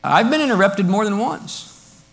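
A male pastor delivers an animated sermon to his congregation, his voice sitting notably high. He swings between emphatic declarations and quieter asides, sometimes slipping into a sarcastic mock voice. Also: measured pace, vocal fry. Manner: animated preaching, mock voices of modern critics. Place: church.

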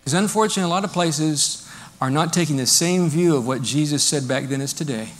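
Pastor guy preaching in church, high voice, gets loud and lively, does little mocking bits. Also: fairly quick. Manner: animated preaching, mock voices of modern critics. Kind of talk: sermon.

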